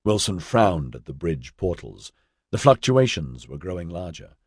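A man narrating an audiobook in a measured storytelling manner, voicing all the characters. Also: sits low, big pitch swings, breathy edge, no room sound, clean studio sound. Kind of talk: scripted narration.

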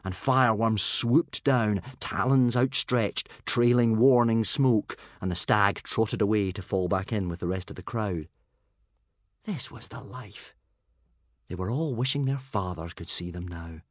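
A man reading a children's story aloud in an animated storybook narration. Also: mid-range voice, dry recording. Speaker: audiobook narrator.

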